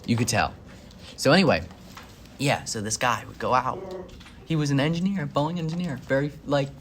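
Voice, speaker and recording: A young man hosting a casual chat, telling stories with animated, incredulous questions. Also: mid-range voice, a little hiss or hum. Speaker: host.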